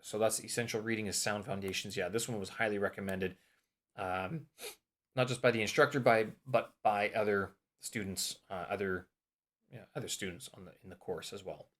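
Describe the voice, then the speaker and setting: Low-voiced man rambling through course notes. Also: steady tone, moderate pace, fairly bright tone. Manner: rambling, thinks aloud, trails off and restarts; tries out stress patterns aloud on single words. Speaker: language-learning vlog host. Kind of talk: casual talk-through of course materials.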